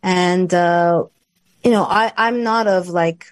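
A woman's voice: on the low side, slow, dry recording. A woman co-hosting a talk show, chatting in a rambling way with sarcastic asides. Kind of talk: casual chat.

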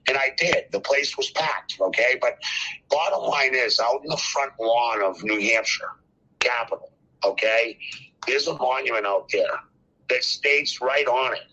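Over a muffled, lo-fi phone line, an older man calls into a talk show to deliver an impassioned, preachy speech, repeating phrases for emphasis. His medium-pitched voice is bright and forceful, with a breathy edge.

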